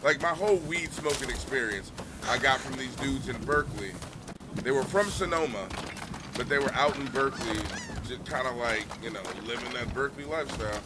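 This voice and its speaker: A man who streams games and does stand-up, telling stories in a laid-back, slangy way with lively retellings. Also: mid-range voice, a little fast, very noisy. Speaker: Twitch streamer and stand-up comedian. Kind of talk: casual storytelling on a game stream. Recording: game music playing underneath. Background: video game music.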